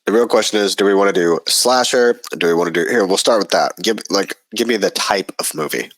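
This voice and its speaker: Guy with a stuffy cold, kinda low voice, reading a story out, laid back. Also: brisk, a bit bright, no room sound. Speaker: podcast co-host. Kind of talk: casual chat and reading a story aloud.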